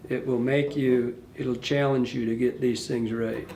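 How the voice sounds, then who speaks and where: A man's voice: medium pitch, little pitch movement, unhurried, dark tone, reverberant, slight background noise. Rambling man teaching fly tying. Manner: rambling, self-correcting, talks to the fly as he works. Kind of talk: casual hands-on tutorial. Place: fly shop tying bench.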